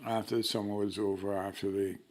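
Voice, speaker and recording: A man's voice: fairly low pitch, little pitch movement, fairly quick, a little mellow. An older man with a Jamaican accent, telling stories in a wry, blunt way during an oral history interview. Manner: wry storyteller, blunt and frank.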